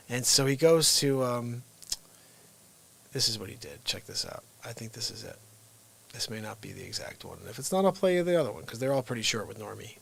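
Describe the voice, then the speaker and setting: A man hosting his own unscripted livestream, chatting casually in an excitable, rambling way with frequent restarts. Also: on the high side, moderate pace. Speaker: livestream host and impressionist.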